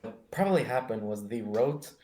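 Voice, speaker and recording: A man's voice: mid-range voice, lively intonation, normal speed, a little mellow, echoey room, rough recording. A young man from Mexico with an American accent, chatting casually as host, rambling with many fillers and restarts. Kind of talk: casual chat.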